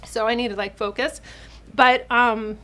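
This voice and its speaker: A woman's voice: on the high side, fairly even intonation, unhurried, pushed and bright. A woman in her forties talking straight to camera in a chatty, emotional beauty vlog, calling her viewers ladies and getting teary at times. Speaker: beauty channel host, esthetician. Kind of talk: casual direct-to-camera vlog.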